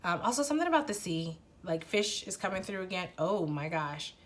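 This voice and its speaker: A woman's voice: lowish voice, very animated, a little fast. A young adult woman giving a casual pick-a-card tarot reading, talking to the viewer in a rambling way full of restarts and fillers. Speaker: tarot reader.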